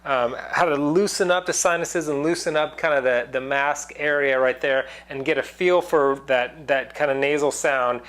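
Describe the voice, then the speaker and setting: A man's voice: a little high, moderate pace, few pauses, fairly bright tone. A man teaching singing in a casual online lesson, explaining loosely with many fillers and breaking into sung demonstrations.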